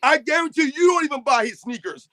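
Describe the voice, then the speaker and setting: A man with an extremely high voice rants at full volume, hosting a sports talk stream and calling out critics one by one. The sound is dry and close, with no room around it. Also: expressive, quick pace, no room sound, poor audio. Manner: yelling, confrontational, calls out critics. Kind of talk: heated live-stream rant.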